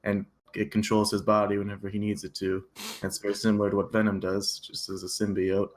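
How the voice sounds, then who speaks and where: Low-voiced man giving plain opinions. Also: monotone, a little fast. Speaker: podcast co-host. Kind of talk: casual chat.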